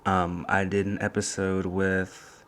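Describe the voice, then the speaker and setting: A young man hosting a casual solo podcast from a college dorm room, talking in a soft, hushed voice and rambling through stories. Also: deep voice, completely flat delivery, slow pace, slight background noise. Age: young adult. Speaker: podcast host.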